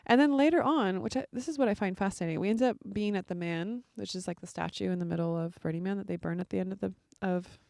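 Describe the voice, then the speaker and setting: A woman's voice: mid-range voice, fast, creaky, hardly any pauses, a little mellow, dry recording, clean studio sound. A woman hosting a podcast, telling a personal story in a casual, chatty way full of filler words. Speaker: podcast host.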